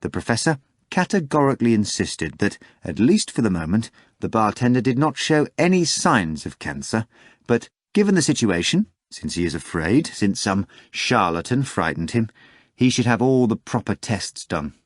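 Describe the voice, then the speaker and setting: A man reads a novel aloud in a measured, steady storytelling voice that sits on the low side. The recording is close and completely dry, with no room sound. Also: no room sound. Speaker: audiobook narrator. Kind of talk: scripted audiobook narration.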